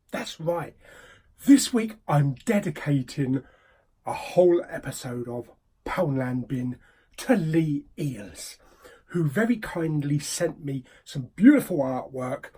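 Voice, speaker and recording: A man's voice: on the high side, mellow, husky. A man hosting a casual, jokey unboxing vlog, often dropping into whispered asides. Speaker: YouTube host.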